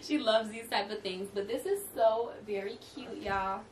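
A young woman with a medium-pitched voice and moderate pace gushes to her viewers during an excited try-on haul. The recording has a bit of hiss or hum, background music, and a voice set slightly back from the mic.

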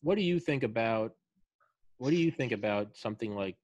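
A man's voice: mid-range voice, expressive, a little fast, darkish tone, no echo, highs cut off. A man hosting a podcast interview in casual, joking, profane chat. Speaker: podcast host.

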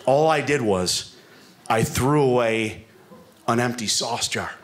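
A man's voice: mid-range voice, lively intonation, takes it slowly. A man doing a stand-up comedy set on a club stage, rambling and self-deprecating, with asides to the live audience. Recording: live club recording with room noise.

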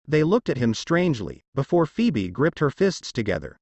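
A man narrating a fanfiction story in a steady, expressive scripted reading. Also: mid-range voice, normal speed, few pauses, no echo, highs cut off.

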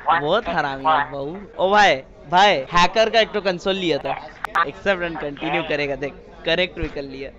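A man with an Indian accent on a call center line, hurling loud, abusive insults. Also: a little high, rapid-fire. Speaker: scam caller. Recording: muffled call with crowd noise.

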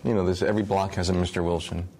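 Man, very low voice, conversational, anecdotal, interview. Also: level tone, rapid-fire, mellow. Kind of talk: documentary interview.

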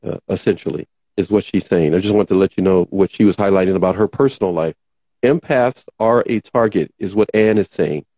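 A man hosting a talk show, rambling casually as he reads out viewer comments, his voice going hoarse. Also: low-pitched, fairly quick, mellow, no echo, highs cut off. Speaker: podcast host.

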